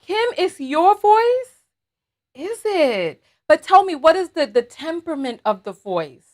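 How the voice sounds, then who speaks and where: A woman's voice: extremely high pitch, sing-song, measured pace, darkish tone. A woman hosting a livestream, chatting animatedly and talking straight to her viewers. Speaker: host. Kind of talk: livestream commentary chat.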